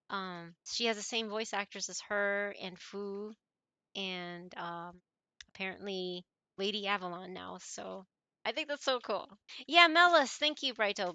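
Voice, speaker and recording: A woman's voice: medium pitch, sharp tone, dry recording. A woman streamer chatting casually with her live viewers, emotive and rambling as she reads chat messages aloud.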